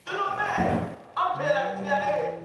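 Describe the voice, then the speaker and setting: A man's voice: very high-pitched, sing-song, normal speed, gravelly, fairly bright tone, soft background music. A man doing a stand-up comedy routine, ranting in a profane, punchy rhythm and hammering the same words over and over. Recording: distant echoey playback with heavy noise.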